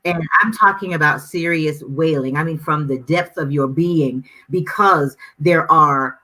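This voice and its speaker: Bright-voiced fervent woman guest. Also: deep voice, unhurried, poor audio. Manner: fervent, preacher-like repetition. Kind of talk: conversational discussion.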